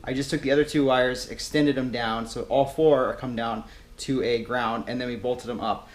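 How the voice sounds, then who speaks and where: A young man hosting a car build vlog, calmly explaining his work as he goes in a home garage. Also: medium pitch, moderate pace. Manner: laid-back, chatty, explains as he works. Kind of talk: casual garage vlog walkthrough.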